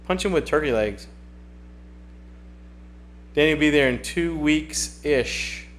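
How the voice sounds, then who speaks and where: A man's voice: a little high, lively intonation, slow pace, slight background noise. Chatty man hosting a livestream. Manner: chatty, rambling, repeats himself. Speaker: livestream host. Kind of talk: casual chat reading viewer comments.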